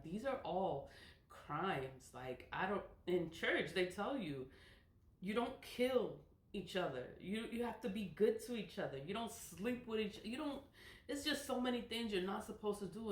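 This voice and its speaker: Echoey woman in her forties, lively chat. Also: fairly low pitch. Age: 40s. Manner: conversational, laughs often, emphatic. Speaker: spiritual vlogger. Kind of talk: casual monologue. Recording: echoey room.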